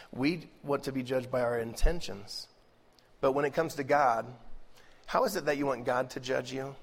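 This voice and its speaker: A middle-aged male pastor preaching a lively, joking sermon, swinging between loud bursts and hushed asides. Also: mid-range voice. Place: large church hall. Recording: live sermon with long hall reverb.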